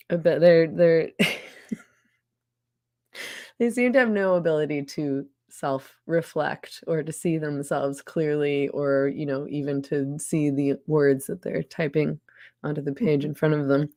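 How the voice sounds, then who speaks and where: Woman podcast host, sardonic and laughing, lowish voice, dry close sound. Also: no echo. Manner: sardonic, laughing often, frequent restarts. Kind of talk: casual conversation.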